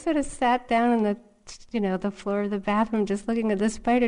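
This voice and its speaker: A middle-aged woman meditation teacher giving a dharma talk, telling a personal story in a soft, unhurried way and laughing often. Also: a little high, smooth.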